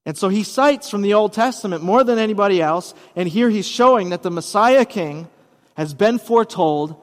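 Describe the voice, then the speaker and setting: A man's voice: high-pitched, big-room sound. A man preaching a sermon as pastor, explaining scripture in a conversational way with casual asides.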